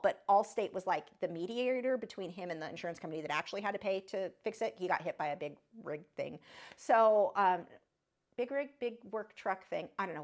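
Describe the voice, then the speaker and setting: A woman's voice: mid-range voice, fairly bright tone. A woman hosting an art livestream, chatting casually in a rambling, exasperated way that trails off and restarts.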